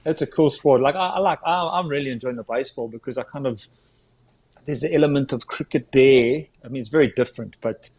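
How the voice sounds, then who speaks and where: Enthusiastic rugby coach chatting as a guest. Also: male voice, mid-range voice, a little fast, a little mellow, rough recording. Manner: enthusiastic, laughs often. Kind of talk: casual interview chat.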